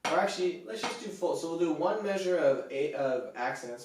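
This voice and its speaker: A man teaching snare drum in a relaxed, casual way, counting beats aloud with frequent fillers. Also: a little high, brisk, heavy background noise. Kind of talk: casual instructional talk. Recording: echoey room, distant from the mic.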